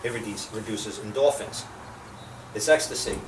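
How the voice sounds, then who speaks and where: A man's voice: lowish voice, moderate pace. An older man telling blunt, profane stories to a small group, often acting out the voices he quotes. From United States. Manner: blunt, profane, animated storyteller who acts out quoted voices. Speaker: speaker sharing life lessons. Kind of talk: casual storytelling talk to a small group. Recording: roomy, distant recording with noticeable background noise.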